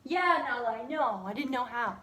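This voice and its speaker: Animated young woman telling a story. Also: a little high, normal speed. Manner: animated, swears freely, dramatic retelling. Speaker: vlogger. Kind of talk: casual storytime chat.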